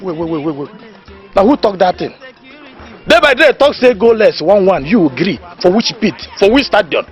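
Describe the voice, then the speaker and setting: An actor playing a boastful, know-it-all village man who lectures his friend in Nigerian Pidgin, loud and laughing at his own jokes. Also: high voice, big pitch swings, moderate pace, soft background music. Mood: lecturing. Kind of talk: comedy film acting.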